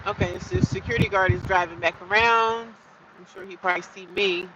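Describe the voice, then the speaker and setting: A woman's voice: medium pitch, steady tone, brisk, distant mic, dull audio, noisy background. A woman chatting casually on a livestream from her car, rambling and talking straight to her viewers. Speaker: livestreaming vlogger. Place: inside a parked or slowly driving car.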